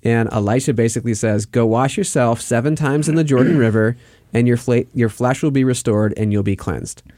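A man's voice: mid-range voice, a little fast, mellow, dry recording. A man co-hosting a conversational faith podcast, retelling a scripture story and reading verses aloud with rising animation. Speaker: podcast co-host.

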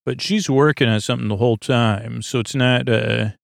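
A man hosting a sleep podcast, retelling an episode in a meandering, halting way full of fillers and quoting the characters in his own low-key voice. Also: creaky, no room sound, clean studio sound. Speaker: podcast host. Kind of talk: rambling bedtime recap of a TV episode.

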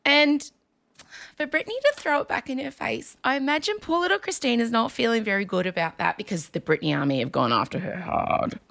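A woman hosting a podcast, chatting casually about celebrity gossip, animated and quick to laugh. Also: vocal fry. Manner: animated, laughing, jumps high in pitch when excited. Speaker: podcast host.

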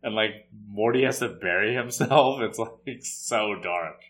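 A man's voice: fairly low pitch, measured pace, a bit bright. A man co-hosting a podcast, chatting casually in a rambling way with lots of filler words. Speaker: podcast co-host. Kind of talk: casual chat.

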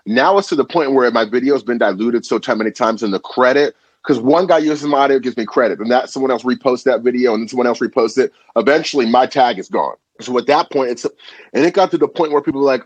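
A man who makes food videos, a guest on a podcast, talking in an animated and slangy way, full of filler words. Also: mid-range voice, fast talker, breathy edge, no echo, dull audio. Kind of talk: casual conversation.

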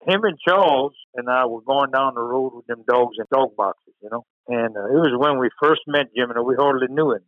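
A man's voice: medium pitch, a little fast, hardly any pauses, no echo, narrow, tinny audio. A man with a Cajun accent telling a folksy story as a podcast guest. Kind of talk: casual storytelling.

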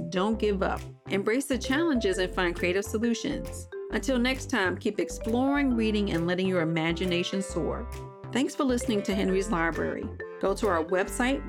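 A woman host reading a scripted children's story and the show's closing notes. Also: mid-range voice.

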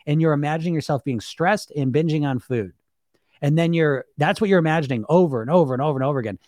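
A man's voice: fairly high pitch, a little mellow, no echo, studio quality. Blunt, swearing male motivational coach. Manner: blunt and emphatic, swears casually, asks rhetorical questions. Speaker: weight-loss hypnosis coach. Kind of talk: motivational monologue to viewers.

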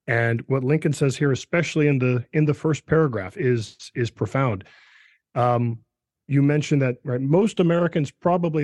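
A man's voice: medium pitch, a little mellow, dry recording, clean studio sound. A middle-aged man, a political science professor, explaining in discussion and dropping "right" into his sentences with frequent restarts. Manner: peppers speech with "right" and restarts.

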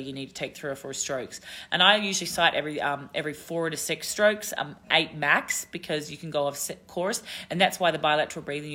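A woman's voice: deep voice, bright, forceful tone. An Australian woman hosting a live podcast Q&A, giving coaching tips in a chatty way with fillers. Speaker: podcast host. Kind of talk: casual live Q&A chat.

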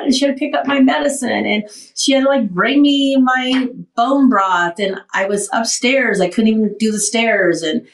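A woman's voice: fairly high pitch, normal speed, distant mic. A woman hosting a talk show, telling her recovery story candidly and animatedly, tired after surgery. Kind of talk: casual talk show chat. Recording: roomy, off-mic sound.

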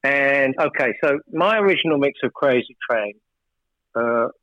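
A man's voice: medium pitch, lively intonation, normal speed, dry recording, highs cut off. A man working as a record producer, telling studio stories in a rambling, casual way and often restarting his sentences. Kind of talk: casual storytelling interview.

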